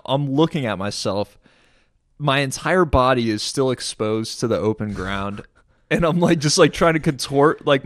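Animated laughing man telling a war story. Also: medium pitch, dry recording, clean studio sound. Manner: animated, laughing often, says dude a lot. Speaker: guest, former soldier. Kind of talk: casual storytelling chat.

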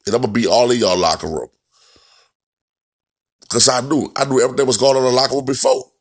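A man's voice: medium pitch, fairly even intonation, fast talker, slightly rough. A man ranting bluntly and profanely about football, repeating himself as he goes. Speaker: football commentator. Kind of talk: profane sports rant.

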